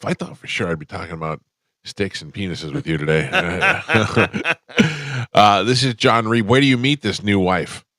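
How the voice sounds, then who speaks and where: A man's voice: fairly low pitch, very animated, normal speed, sharp tone, dry recording. A male radio show host chatting casually, laughing easily and telling his own stories. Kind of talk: casual comedic chat.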